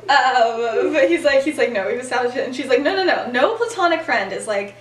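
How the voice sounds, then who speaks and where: A woman's voice: high-pitched, lively intonation, brisk. A young woman hosting a podcast, chattily retelling a story and acting out the characters' lines with frequent laughter. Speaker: podcast host. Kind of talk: casual storytelling recap. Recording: roomy, distant mic with faint noise.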